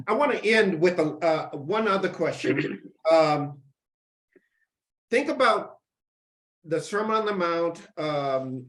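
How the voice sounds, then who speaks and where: A man's voice: fairly high pitch, reverberant. A man leading a church class discussion, prompting others with short questions. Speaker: class leader.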